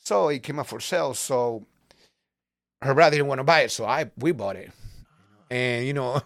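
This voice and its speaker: A middle-aged man from Peru with a Peruvian Spanish accent, a restaurant owner telling stories in a radio interview with lively restarts and repetitions. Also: mid-range voice, normal speed, no echo, studio quality. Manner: animated storyteller, restarts and repeats words. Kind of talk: casual interview storytelling. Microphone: studio microphone.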